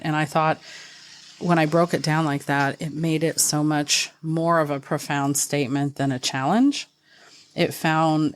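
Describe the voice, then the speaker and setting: A low-pitched, middle-aged woman speaks alone into her podcast mic in a thoughtful, earnest way. She slows down to press on single words. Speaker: podcast host. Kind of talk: reflective solo podcast talk.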